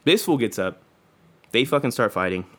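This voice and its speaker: A man's voice: medium pitch, expressive, moderate pace, a bit bright. A young man casually telling a story, swearing freely and acting out what people said in slangy talk. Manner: profane, slangy, acts out quoted dialogue.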